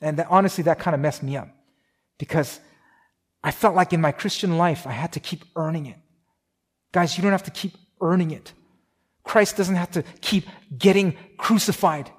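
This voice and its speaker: A man preaching a sermon in a conversational way, with many restarts and fillers. He gets louder for emphasis and drops soft and slow on key points. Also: on the high side, slightly rough. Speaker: pastor.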